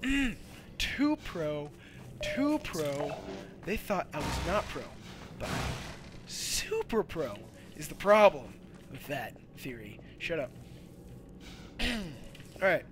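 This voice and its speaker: A young man giving loud, goofy commentary while playing a video game, with sudden shouted outbursts. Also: on the high side, big pitch swings, takes it slowly, pauses often, music in the background. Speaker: let's play gamer. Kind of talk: energetic gameplay commentary.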